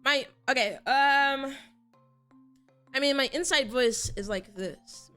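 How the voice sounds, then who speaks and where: A woman's voice: sits high, takes it slowly, long pauses, sharp tone, soft background music. A young woman VTuber chatting casually on stream, answering chat and laughing often.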